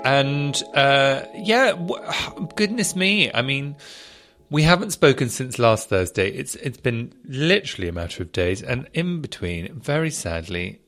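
A man's voice: mid-range voice, expressive, a little slow, fairly bright tone, soft background music. A man hosting his podcast, a little out of breath, chatting in a rambling, casual way from a small garden office. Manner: chatty and rambling, with fillers and sighs. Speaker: podcast host. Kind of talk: casual bonus episode chat.

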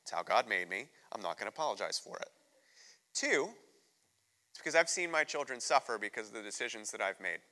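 An American man preaches an emotional, openly personal sermon as a visiting missionary. His voice is strikingly bright. It rings out with a long reverb through a church sanctuary. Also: fairly low pitch, sing-song, brisk. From United States. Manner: candid, emotional storytelling.

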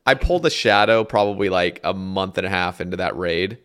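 A man's voice: low-pitched, fairly quick, fairly bright tone, smooth. A man hosting a gaming podcast, chatting in a laid-back, slangy way. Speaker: podcast host. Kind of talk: casual gaming chat.

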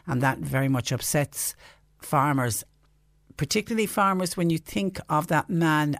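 Chatty Irish radio host, slightly high voice. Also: male voice, dry recording, studio quality. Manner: chatty, indignant, asks rhetorical questions. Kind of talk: radio talk show monologue. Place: radio studio.

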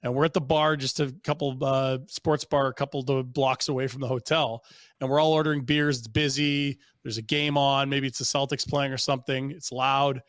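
A Canadian man co-hosting a sports podcast, an animated storyteller who mimics other people with big jumps in pitch. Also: normal speed, no room sound, clean studio sound. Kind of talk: casual chat. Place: small podcast studio. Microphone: studio mic.

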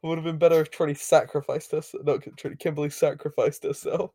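A man's voice: a little high, little pitch movement, a little fast, warm tone, breathy edge, no room sound, clean studio sound. A man co-hosting a casual podcast, retelling a show's plot with laughs, filler words and swearing. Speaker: podcast co-host recapping an episode. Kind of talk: casual chat.

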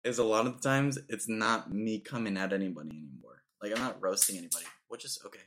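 A man's voice: lowish voice, fast talker, a bit bright. A young man hosting a casual podcast chat, telling joking stories and saying dude and bro a lot. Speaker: podcast host.

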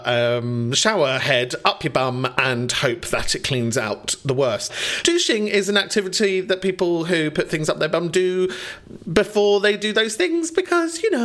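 A man's voice: fairly high pitch, fairly bright tone. A man hosting a comedy call-in podcast, camp and theatrical, laughing often. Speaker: podcast host. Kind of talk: camp comic chat.

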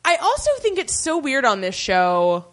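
A woman's voice: high-pitched, sing-song, normal speed, fairly bright tone. A woman co-hosting a podcast, recapping a TV drama in casual, sarcastic chat and swearing freely. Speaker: podcast co-host.

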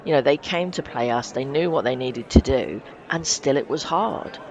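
Co-host: mid-pitched man, animated and emphatic, dull lo-fi recording. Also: moderate pace. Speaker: podcast co-host. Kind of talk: casual fan podcast chat. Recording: dull lo-fi sound.

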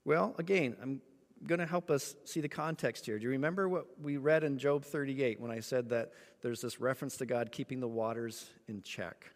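A man preaching a sermon, telling a story with lively acted-out moments. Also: mid-range voice, moderate pace, long reverb tail. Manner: animated storytelling, acts out voices. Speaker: pastor.

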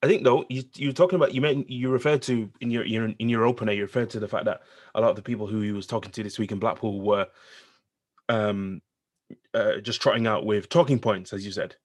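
A man's voice: fairly low pitch, steady tone, fast talker. A man co-hosting a podcast, debating politics in casual chat and repeating himself to hold the floor. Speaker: podcast co-host.

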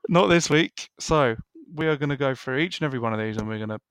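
A man's voice: mid-range voice, expressive, fast talker, fairly bright tone, clean tone, no echo. A man hosting a podcast in casual chat, steering the show to the next segment and laughing along with his co-host.

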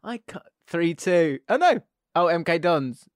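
A young man co-hosting a casual football podcast, animated and exasperated, laughing often as he talks. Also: on the high side, measured pace, dry recording, studio quality. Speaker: podcast co-host.

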